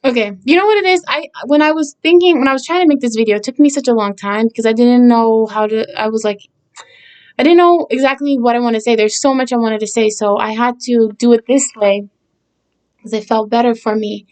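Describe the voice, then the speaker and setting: This woman has a clear, resonant voice on the high side with a darkish tone, and she speaks fairly quickly. Talking casually about a song of her own, she fumbles for words with frequent fillers and restarts, earnest and reflective, laughing briefly now and then.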